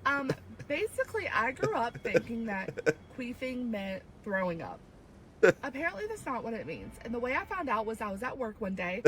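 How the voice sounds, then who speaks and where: A woman telling a casual personal anecdote in a chatty, animated way. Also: on the high side, normal speed, slight background noise, low-quality recording. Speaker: storyteller in a played clip.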